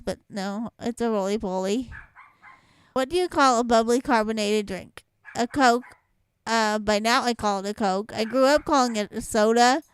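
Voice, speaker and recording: A woman's voice: a little high, clean tone, low-quality recording. A young woman from Louisiana with a mild Southwest Louisiana accent, chatting and rambling casually as she reads a word list. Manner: chatty, rambling, laughs between words. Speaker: vlogger.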